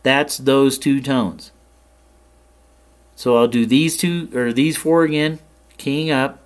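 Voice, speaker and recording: A man hosting a radio programming tutorial, explaining settings in a plain, relaxed way and checking in with the viewer now and then. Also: medium pitch, slow. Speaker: ham radio tutorial host. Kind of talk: casual screen-share tutorial.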